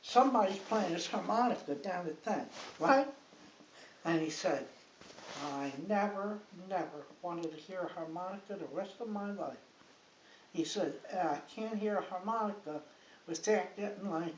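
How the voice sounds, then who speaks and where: A woman's voice: fairly low pitch, moderate pace, far from the mic. Older woman, grandmotherly storyteller, loose and rambling delivery; muffled, hissy home recording from across an echoey room. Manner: rambling, chatty, checks in with "right?" and "like". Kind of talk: casual storytelling. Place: living room, on a sofa.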